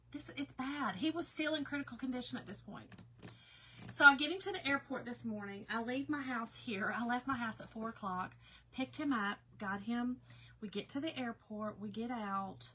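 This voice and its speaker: A woman's voice: a little high, moderate pace, bright, forceful tone, slight background noise, rough recording. A woman chatting casually to her viewers, emotional and talkative as she tells a personal story. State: tearful at times. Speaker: craft seller and storyteller.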